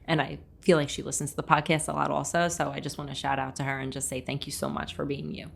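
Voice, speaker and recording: Woman podcast co-host, low voice, chatty and gushing, lots of fillers. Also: level tone, quick pace, creaky. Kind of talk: casual chat.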